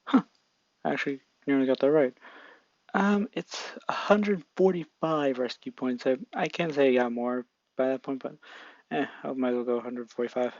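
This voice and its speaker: A young man narrating an improvised fan story in a halting, casual way with many restarts. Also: medium pitch, a little mellow, no echo. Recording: dull lo-fi mic.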